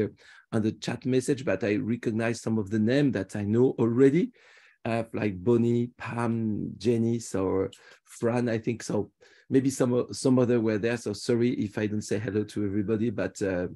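A man's voice: mid-range voice, warm tone. French man guiding a virtual tour. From France. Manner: chatty, restarts often. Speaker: tour guide. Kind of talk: live virtual tour talk. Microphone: video call.

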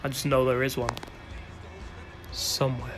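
A man's voice: mid-range voice, little pitch movement, normal speed, soft background music. A man giving let's play commentary, muttering to himself and breaking into sudden yelps and laughter. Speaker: gaming video host.

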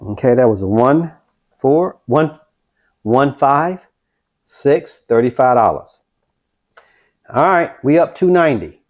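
A man vlogging his craps practice, talking viewers through each throw with excitement. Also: mid-range voice, slow, long pauses, lo-fi sound. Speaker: dice-control craps vlogger. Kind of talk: casual play-by-play while throwing dice.

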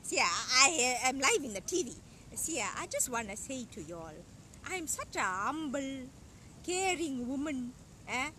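Mock-innocent troublemaker sister-in-law voiced by a woman; high, sharp, swinging pitch. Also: very animated, unhurried, slight background noise, full character voice. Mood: whiny, mock-innocent. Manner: whiny, mock-innocent, quarrelsome. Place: outdoors at a beach.

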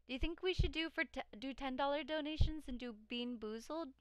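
A tired woman streamer with a high voice, chatting loosely with her viewers and reading out their messages. Her voice cracks now and then. The sound is dry and close, with no room in it. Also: brisk, dry recording. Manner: chatty, reads chat aloud, frequent laughs. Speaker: live streamer. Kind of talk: casual live-stream chat.

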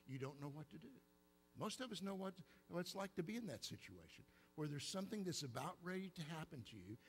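A middle-aged man with an Oklahoma accent, preaching a sermon in church, telling stories in an animated way. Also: on the high side, fast talker, slight background noise, rough recording. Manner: storytelling, animated, acts out childhood fear. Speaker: pastor. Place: church sanctuary.

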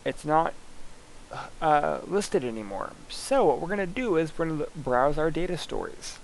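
A man instructor talking casually through a screen-recorded software lab, thinking aloud as he clicks through each step. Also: a little high, animated, measured pace, a little hiss or hum, poor audio.

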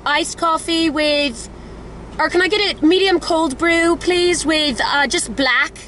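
A woman's voice: very high-pitched, slow pace, a bit bright, pitched above the performer's own voice, heavily acted. A woman putting on a British accent to order at a drive-thru, hesitant and overly polite. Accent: put-on British. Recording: car noise behind.

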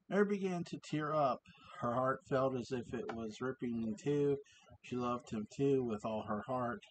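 A man reading his own story aloud at home, halting, with many ums and asides about his cats. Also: mid-range voice, a little hiss or hum, rough recording.

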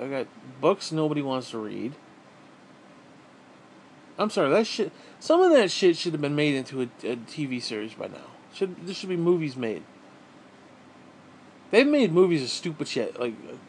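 A man's voice: on the high side, a little hiss or hum. A man venting in a bitter, profane, rambling monologue to camera as a vlogger, often restarting his sentences.

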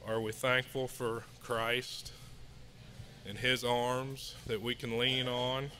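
A man delivers a sermon to a small house church, reading scripture and hymn lines in a slow, measured way. His voice is bright and forceful. Faint background noise sits under the recording. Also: mid-range voice, level tone. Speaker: lay preacher. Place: house church meeting room.

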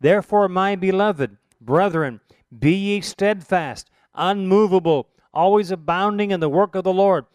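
A man's voice: a little high, a little mellow, clean tone, no room sound, clean studio sound. A man teaching a sermon, reciting Bible verses emphatically with rising, stressed phrases. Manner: emphatic, rises for scripture quotes.

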